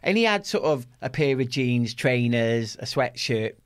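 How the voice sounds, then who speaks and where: A man's voice: medium pitch, lively intonation, unhurried, smooth. A middle-aged man telling a story as an interview guest, laughing often and swearing freely. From Wales. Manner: laughs often, swears freely, acts out his own shouts. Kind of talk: animated anecdotal storytelling.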